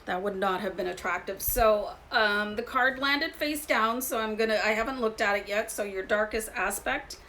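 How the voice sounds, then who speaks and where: A woman with a bright, clear voice talks her viewers through a tarot reading in a relaxed, chatty way. She confides as she goes and calls the audience "guys" like old friends. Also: medium pitch, normal speed, few pauses, low-quality recording. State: slight throat irritation. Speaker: tarot reader. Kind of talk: casual tarot reading to camera.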